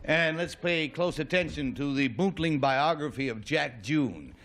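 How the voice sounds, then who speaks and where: A man's voice: fairly high pitch, expressive, measured pace, fairly bright tone. A man hosting a television game show, genial and talkative, with a few hesitant fillers. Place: television studio.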